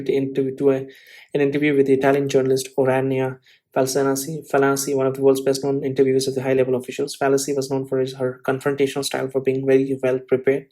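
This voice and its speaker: A man reading a history book aloud, halting and correcting himself as he stumbles over words. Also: medium pitch, mellow.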